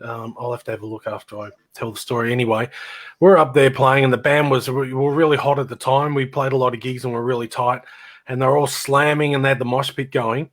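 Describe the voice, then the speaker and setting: A man's voice: medium pitch, steady tone, a little fast, a bit bright. A middle-aged Australian man telling rambling stories about his old band in casual chat, laughing and imitating people as he goes.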